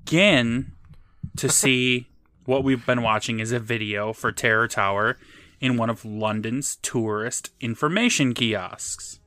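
A man's voice: medium pitch, unhurried, bright, forceful tone, no room sound. A man co-hosting a podcast, recapping a TV episode in casual, joking chat with some swearing. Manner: swearing, laughing, retelling scenes. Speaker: podcast co-host.

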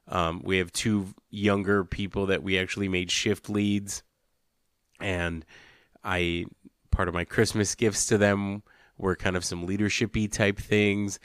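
Deep, smooth-voiced man podcast host. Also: a bit bright, no echo, studio quality. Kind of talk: casual chat.

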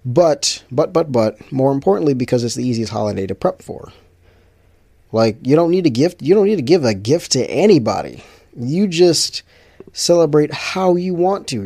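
Creaky dark-voiced man chatting, rambling. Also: a little high, animated, normal speed, no room sound. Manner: rambling, many restarts and fillers. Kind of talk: casual chat to viewers.

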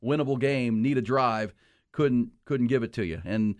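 A man hosting a casual sports talk show, conversational and lively when promoting segments. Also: medium pitch, moderate pace, no echo. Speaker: sports radio host.

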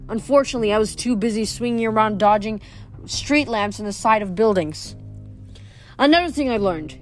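A woman reads a first-person adventure novel aloud with lively, animated storytelling. Her voice sits a little on the high side. Faint background music plays under the narration. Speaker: audiobook reader.

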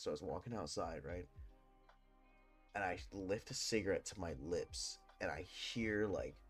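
A man's voice: low voice, slightly rough. A young man hosting a podcast, rambling through a personal ghost story with lots of swearing and fillers. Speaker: podcast host. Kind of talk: casual storytelling.

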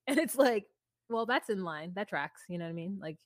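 A woman's voice: mid-range voice, expressive, a little fast, a little mellow, no echo, clean studio sound. A woman co-hosting a podcast in casual chat, animatedly retelling scenes and mimicking people in put-on voices. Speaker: podcast co-host.

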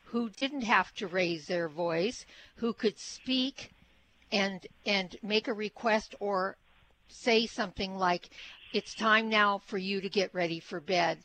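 Woman, radio talk host, enthusiastic, mid pitch, faint background noise. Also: a bit bright, poor audio. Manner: enthusiastic, repeats words for emphasis. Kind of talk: casual radio interview hosting.

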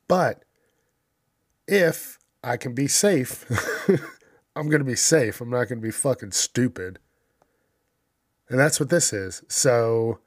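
A man's voice: mid-range voice, no echo, clean studio sound. A man hosting a casual news commentary, ranting sarcastically and swearing constantly. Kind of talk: profane casual news rant.

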